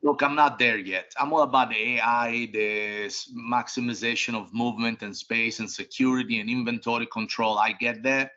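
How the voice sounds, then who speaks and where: A middle-aged man who heads a restaurant group answers interview questions bluntly from his home office, restarting sentences emphatically and swearing casually now and then. His medium-pitched voice is bright and forceful, with fairly even intonation, a moderate pace, and few pauses. The recording has a dull, lo-fi sound.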